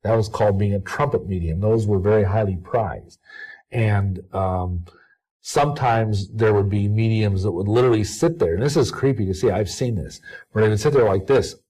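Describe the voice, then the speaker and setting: Low-voiced man rambling haltingly. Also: mellow, poor audio. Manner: rambling, halting, lots of restarts. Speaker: interview guest. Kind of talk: interview answers.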